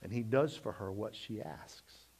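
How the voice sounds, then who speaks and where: A middle-aged man preaching a sermon as pastor, swinging between loud emphatic lines and quiet low asides, often repeating words as he restarts. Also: lively intonation, measured pace, slightly rough.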